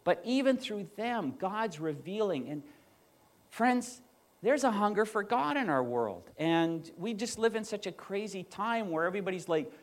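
A male pastor preaching a sermon, telling stories and quoting others with animated emphasis. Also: high-pitched, moderate pace.

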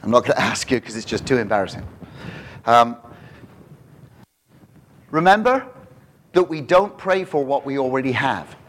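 A man preaching a lively expository sermon to a congregation, often asking them questions. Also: medium pitch, moderate pace, pauses often, slight background noise, rough recording.

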